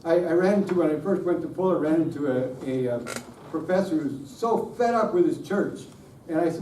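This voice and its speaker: A man's voice: on the high side, lively intonation, a little fast, mellow. A middle-aged man giving a conference talk on worship, joking with the audience and poking fun at himself. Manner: self-deprecating, joking with the audience. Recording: roomy, distant room mic, faint hiss.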